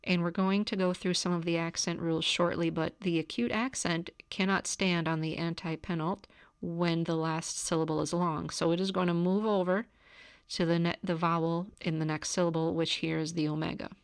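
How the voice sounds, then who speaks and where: A woman giving a recorded grammar lecture, calmly explaining step by step. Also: lowish voice, moderate pace, smooth, no echo, studio quality. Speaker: teacher. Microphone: camera.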